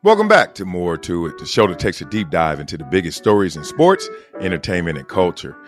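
A man, the host, reading a scripted show intro in a smooth announcer style. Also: low-pitched, big pitch swings, brisk. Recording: voice over music bed.

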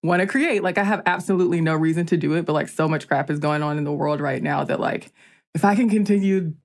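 A woman co-host from the American South, talking in a loose, casual way. Her voice sits a little low, and she sprinkles "like" through her sentences and laughs easily. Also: fast. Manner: chatty, many "like" fillers, laughs easily. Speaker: podcast co-host. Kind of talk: casual chat.

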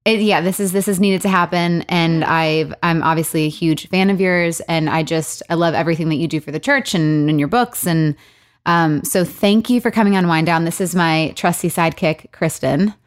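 A woman's voice: fairly low pitch, moderate pace. Chatty woman podcast host. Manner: chatty, storytelling. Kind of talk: casual podcast conversation.

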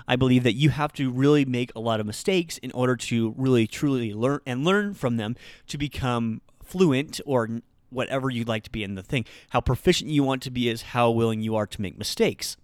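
A man's voice: mid-range voice, smooth, no room sound. A man hosting a Japanese-learning podcast, telling a story in a chatty, self-deprecating way with lots of fillers. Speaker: Japanese teacher podcast host. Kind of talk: casual podcast monologue. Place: Utah.

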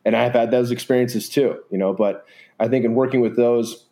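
A man's voice: mid-range voice, fairly even intonation, moderate pace, dark tone. A man talking in a casual, earnest way as a podcast guest, rambling with many fillers. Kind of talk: casual reflective conversation.

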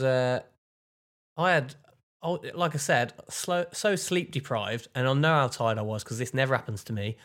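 A young man co-hosting a podcast, telling an anecdote in casual chat and poking fun at himself. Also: medium pitch. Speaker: podcast co-host.

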